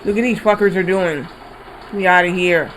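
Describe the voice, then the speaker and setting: High-voiced rambling male streamer. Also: moderate pace, slight background noise, poor audio. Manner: rambling, animated retelling with swearing. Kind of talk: casual storytelling while gaming.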